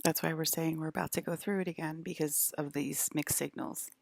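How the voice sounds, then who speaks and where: A woman's voice: low voice, fairly even intonation, brisk, gravelly, darkish tone, dry recording, clean studio sound. A young woman rambling casually to her viewers in a vlog, full of "like" and restarts. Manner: rambling, filler-heavy, lots of "like". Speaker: vlogger.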